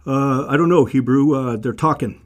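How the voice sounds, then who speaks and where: A man's voice: medium pitch, normal speed, natural voice. A man voicing a hesitant Roman guard who stammers with fillers.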